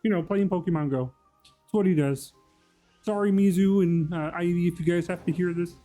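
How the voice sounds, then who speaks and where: A man's voice: high-pitched, fairly even intonation, moderate pace, warm tone, faint music behind, voice pushed up, lightly acted. A man putting on a meek, flustered frog puppet voice while chatting on a live stream, rambling and apologizing to his chat.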